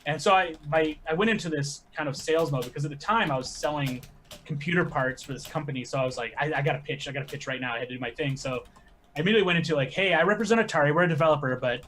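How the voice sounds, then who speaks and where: A man, a podcast guest telling animated stories with quick asides. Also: on the high side. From American Midwest. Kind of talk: casual podcast chat.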